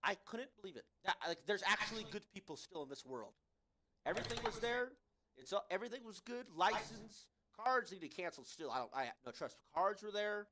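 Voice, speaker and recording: Young guy on a podcast venting about his day, cussing a lot, kinda high voice, echoey room. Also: brisk, a little hiss or hum. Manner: profane, animated, exasperated, says "bro" often. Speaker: podcast host. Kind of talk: casual storytelling rant.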